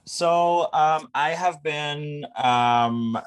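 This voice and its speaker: A man's voice: a little high, very slow, smooth. A man with a Dutch accent, talking eagerly as a podcast guest in casual chat, with many fillers. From Netherlands. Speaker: podcast guest, drag performer.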